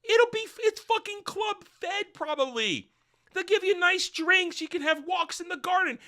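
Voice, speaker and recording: A man voicing a panicked mother in a mocking, shrieking falsetto parody. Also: animated, unhurried, sharp tone, heavily acted. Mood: sarcastic panic. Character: shrill panicked mother, a sci-fi prisoner, woman.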